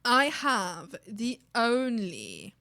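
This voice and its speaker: A woman's voice: fairly high pitch, very slow, vocal fry, dry recording, studio quality. A woman in her thirties chatting casually and playfully while drawing on a stream, laughing often. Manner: giggly, playful, animated.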